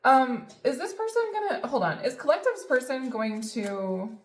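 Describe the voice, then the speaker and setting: A woman's voice: high-pitched, very animated, normal speed, a little hiss or hum. A woman giving a casual tarot reading, chatty and emphatic, with lots of fillers and the odd swear word. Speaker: tarot reader. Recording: echoey room.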